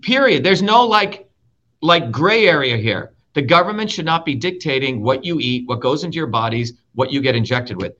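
Man from India ranting, bright voice. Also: medium pitch, lively intonation, moderate pace. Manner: profane, emphatic, repeats key words. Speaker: show host and guest speaker. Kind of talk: heated political rant. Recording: dull, slightly lo-fi audio.

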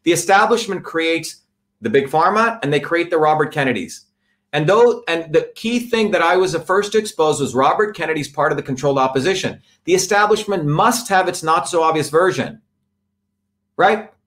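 A man's voice: on the high side, animated, normal speed, fairly bright tone. A man giving an impassioned political talk to a live audience, emphatic and repetitive, building his points with lists. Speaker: speaker addressing a live audience.

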